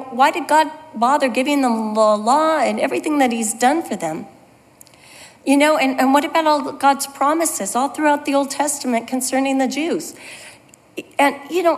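A woman teaching a Bible study in a conversational, self-deprecating storytelling manner. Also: high voice. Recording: long hall reverb.

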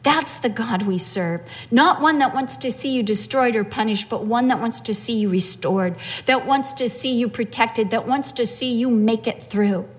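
High-voiced woman preaching with animation. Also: moderate pace, few pauses, in a large hall. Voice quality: animated, swings from low earnest tones to high excited storytelling. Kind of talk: sermon with humorous personal story.

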